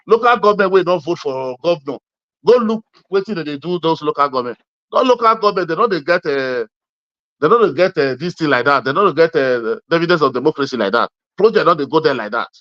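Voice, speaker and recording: A fairly high-voiced man argues politics in Nigerian Pidgin, pressing each point and repeating it to drive it home. The sound is dry and close, though the recording is muffled and lo-fi. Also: a bit bright, dry recording. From Edo State, Nigeria. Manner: insistent, repeats himself, calls listener "my brother". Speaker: interviewee. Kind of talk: heated political argument.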